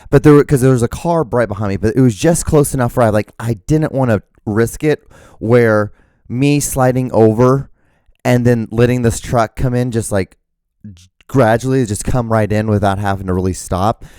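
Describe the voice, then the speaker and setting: A man's voice: medium pitch, normal speed, darkish tone, clear, resonant tone, dry recording, studio quality. A young man hosting a solo podcast, rambling through a story with lots of restarts and casual swearing. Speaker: podcast host.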